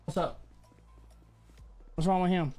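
A young father livestreams a game, chatting playfully with his audience and his baby son while faint music plays behind him. His voice sits high, steady and mellow, at a measured pace, in this casual gaming stream chat.

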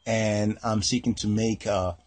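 A man giving a slow religious teaching on a Torah portion, pausing often, repeating words and checking in with "right?". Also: lowish voice, level tone, a little mellow, slight background noise. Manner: slow, searching, frequent "right?" and fillers.

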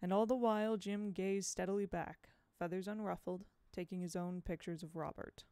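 Woman audiobook reader, measured and expressive, smooth, dry close mic. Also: on the low side, no echo. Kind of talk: audiobook reading of a novel.

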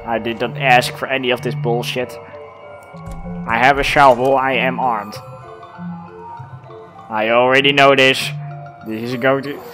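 A man giving casual, excitable gameplay commentary, swearing and laughing often. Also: mid-range voice, measured pace, pauses often, over music. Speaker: let's play gamer.

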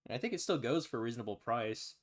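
A man streaming live, chatting casually in a rambling, relaxed way with lots of fillers and the odd swear word. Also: mid-range voice, quick pace. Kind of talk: casual chat.

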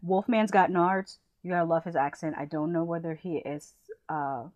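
A woman from the United States, a movie reviewer, chatting casually and enthusiastically while giving shout-outs to other channels. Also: fairly low pitch, moderate pace, no room sound, dull audio.

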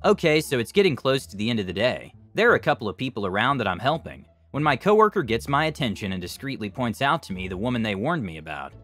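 Lively, bright male story narrator. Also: medium pitch, fast, few pauses, faint music behind. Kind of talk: scripted narration of online stories.

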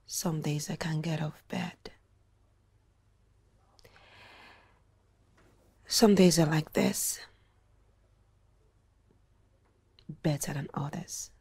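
An actress playing a sick pregnant young wife, weak and breathy. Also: female voice, sits low, moderate pace, hardly any pauses, full character voice. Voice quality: lively on the phone, weak and whispery when ill.

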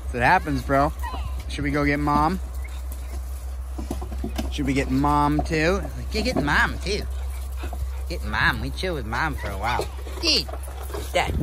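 A man filming and chatting playfully about his dogs and their puppies, excited and using baby talk with them. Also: a little high, unhurried, pauses often, noisy background. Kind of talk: casual vlog commentary.

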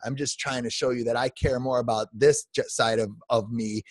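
A man's voice: mid-range voice, steady tone, normal speed, dry recording. Fortyish male guest, emphatic impassioned rant, dry closely miked voice. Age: 40s. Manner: passionate, emphatic, many restarts and repeats. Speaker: podcast guest.

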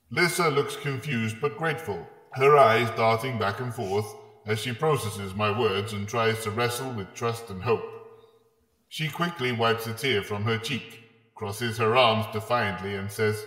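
A man's voice: lowish voice, a little slow, fairly bright tone, reverberant, long reverb tail. A man co-hosting a comedy podcast, gleefully narrating an outrageous villain's scheme. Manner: gleeful, playfully villainous storytelling. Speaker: podcast co-host.

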